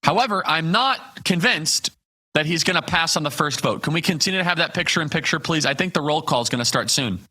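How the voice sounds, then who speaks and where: A man hosting a live political talk show, speaking in a bright, forceful voice that sits a little higher than most. He builds his points through rhetorical questions and punchy lists, hitting each one hard. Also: lively intonation, a little fast, breathy edge.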